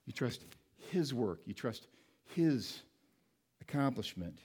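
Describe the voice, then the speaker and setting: A male pastor preaching a sermon, asking the congregation questions and answering them himself, slowing down to stress single words. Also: medium pitch, sing-song, darkish tone, slightly rough.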